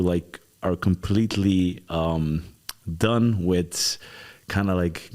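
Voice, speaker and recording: Interview host: low-pitched man, casual, halting phrasing, feels for the words. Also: darkish tone. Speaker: podcast host.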